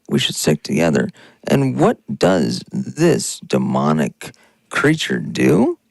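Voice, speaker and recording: A man's voice: mid-range voice, creaky, no echo, poor audio. A man hosting a podcast, delivering an angry, insulting political rant with mocking asides. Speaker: podcast host.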